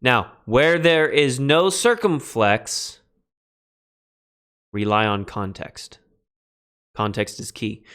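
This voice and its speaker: A man teaching a beginning Greek lesson on a livestream, relaxed and self-deprecating, spelling words out letter by letter. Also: mid-range voice, slow pace, long pauses, clear, resonant tone. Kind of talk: livestreamed lecture.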